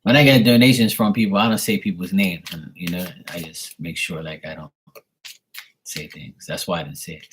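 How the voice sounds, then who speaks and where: A man hosting a casual livestream, joking crudely and streetwise, then doing psychic readings for viewers, often trailing into hushed asides. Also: deep voice, steady tone, brisk, a little hiss or hum. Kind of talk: casual live-stream chat.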